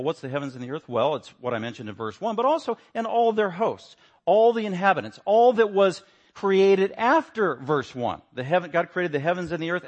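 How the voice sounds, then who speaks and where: A man teaching a Bible lesson, stressing words and swinging between quiet asides and louder points. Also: a little high.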